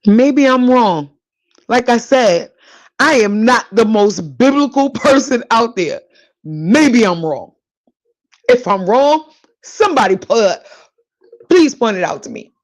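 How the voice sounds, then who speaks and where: A woman's voice: a little high, expressive, takes it slowly, long pauses, dry recording, rough recording. Chatty Brooklyn woman hosting a podcast, dry sound. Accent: New York. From Brooklyn, New York. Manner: chatty, repeats herself for emphasis, talks straight to listeners. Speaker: podcast host. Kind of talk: casual solo podcast monologue.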